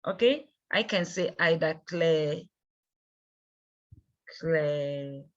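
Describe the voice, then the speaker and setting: Woman, English teacher, unhurried delivery that repeats every word, dull lo-fi sound. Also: sits low. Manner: slow, repeats words, checks with "okay?". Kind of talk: bilingual grammar lesson. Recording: dull lo-fi recording.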